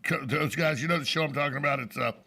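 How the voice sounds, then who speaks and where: A man's voice: fairly high pitch, fast talker, bright, forceful tone. A man in his forties hosting a radio talk show, chatting casually and telling self-mocking stories with jokes. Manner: joking, storytelling, self-mocking. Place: radio studio.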